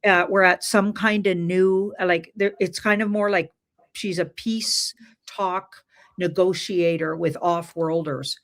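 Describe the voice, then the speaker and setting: A woman's voice: on the low side, fairly even intonation, a little slow. Hesitant woman tarot reader. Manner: hesitant, many fillers and restarts. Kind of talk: casual interview chat.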